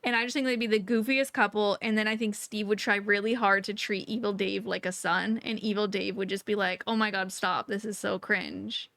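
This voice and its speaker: A woman's voice: medium pitch, fairly even intonation, fairly bright tone, no room sound. A young woman co-hosting a podcast in casual, playful chat, laughing often and jumping between tangents. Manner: playful, giggly, quick tangents. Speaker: podcast co-host.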